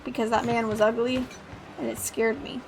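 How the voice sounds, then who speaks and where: Playful high-voiced woman streamer. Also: little pitch movement, normal speed, gravelly, background noise. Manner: chatty, playful, giggly asides. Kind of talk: live game stream commentary.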